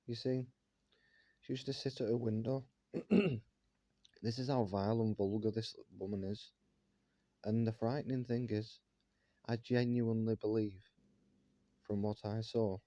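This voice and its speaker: A man's voice: on the low side, dark tone, dry recording, dull audio. A man ranting to his viewers in an indignant monologue, firing one rhetorical question after another. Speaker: vlogger.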